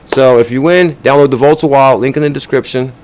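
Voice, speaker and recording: A man's voice: mid-range voice, fast talker, darkish tone, slight background noise. A man hosting a crypto channel, chatting loosely with viewers, counting down names and urging likes and comments. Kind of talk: casual livestream chat.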